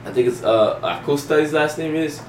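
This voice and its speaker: A man co-hosting a casual chat, talking in a hesitant, halting way with many fillers. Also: a little high. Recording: roomy echo, distant mic, faint noise.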